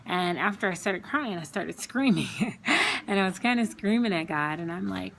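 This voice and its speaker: Speaking at home, this Christian woman gives her testimony in a sincere, chatty style full of fillers and repetitions. Her medium-pitched voice is expressive, gravelly and slightly bright, at a normal pace, with a little background noise.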